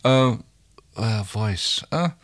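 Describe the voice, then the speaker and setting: Bright, husky man in dry sound. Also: fairly low pitch, animated, extremely slow, dry recording. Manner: laughing, self-deprecating. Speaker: podcast co-host. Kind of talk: casual reading and banter.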